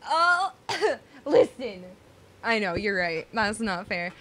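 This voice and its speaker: A woman streaming a game live, talking to herself and her chat, jumpy and quick to yell or laugh. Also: mid-range voice, sing-song, slight background noise. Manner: jumpy, swings between panicked yelling and laughing self-talk. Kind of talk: live gameplay commentary. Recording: game music behind the voice. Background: game music.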